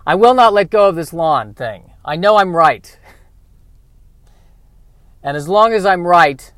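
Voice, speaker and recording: Higher-voiced man rambling to himself. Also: expressive, measured pace, fairly bright tone, dry recording. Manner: digressive, self-mocking, talks to himself. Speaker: vlogger. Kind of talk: rambling comic monologue.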